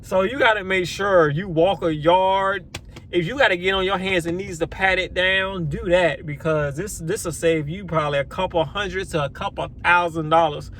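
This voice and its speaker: A man vlogs outdoors about his lawn care work. His voice sits high for a man, and he talks casually. He rambles, swears, and acts out his own shocked reactions. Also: moderate pace, fairly bright tone, slight background noise. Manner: swears then apologizes. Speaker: lawn care business owner. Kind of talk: casual vlog storytelling.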